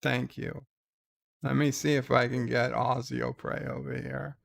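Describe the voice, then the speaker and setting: A man hosting a livestream, casually reading viewer letters with rambling, wry, deadpan asides. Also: mid-range voice, moderate pace, gravelly. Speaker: livestream host.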